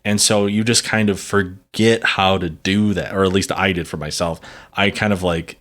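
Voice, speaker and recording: A man's voice: low voice, fairly even intonation, normal speed, a bit bright. A man co-hosting a podcast in easygoing, self-deprecating casual chat, laughing often. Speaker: podcast co-host.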